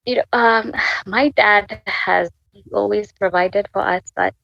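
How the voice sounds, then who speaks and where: A woman's voice: mid-range voice, slow, gravelly, pauses often, bright, forceful tone, no room sound, highs cut off. A woman in her twenties from Kenya candidly telling her personal faith story as an interview guest. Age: 20s. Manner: candid, conversational, full of fillers.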